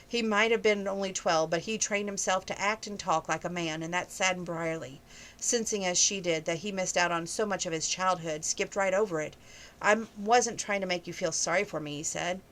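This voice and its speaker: A woman reading a romance novel aloud at an even pace, now and then noting page numbers. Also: fairly low pitch, moderate pace, slight background noise, rough recording. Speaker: book reviewer reading aloud.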